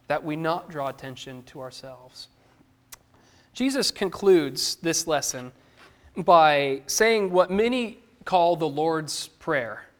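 Male preacher, high-pitched, earnest and conversational sermon delivery. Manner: earnest, conversational, asks the listeners direct questions.

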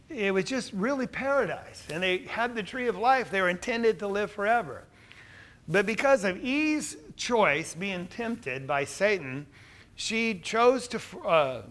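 A man preaching a sermon, asking the listeners questions and answering them himself, building to emphatic, louder points. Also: sits high.

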